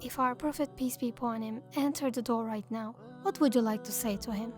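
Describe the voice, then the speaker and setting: A woman asking an interview guest polite, measured questions. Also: on the high side, fairly even intonation, faint music behind.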